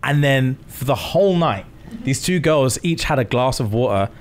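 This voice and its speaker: A man, co-hosting a podcast and telling stories in casual, animated chat. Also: mid-range voice, moderate pace. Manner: animated storytelling with swearing. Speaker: podcast co-host.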